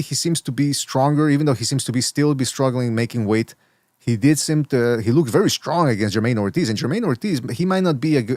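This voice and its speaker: A man hosting a boxing podcast in loose, rambling chat. He keeps stumbling into restarts and repeated words, at a medium pitch, and his voice sits close and dry with no room sound around it. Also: a little mellow, dry recording. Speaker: podcast host. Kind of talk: casual boxing talk.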